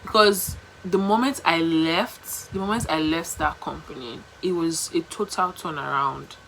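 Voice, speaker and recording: A woman's voice: low-pitched, a little slow, vocal fry, a little hiss or hum, poor audio. Chatty Nigerian woman telling a story. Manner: chatty, animated, repeats herself, slips into pidgin. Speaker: vlogger. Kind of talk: casual storytelling to camera.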